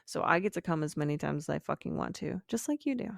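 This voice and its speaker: A woman's voice: low voice, lively intonation, quick pace, vocal fry, no room sound, studio quality. A young woman with a Southern accent hosting a casual solo podcast, rambling, crude and giggly. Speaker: podcast host.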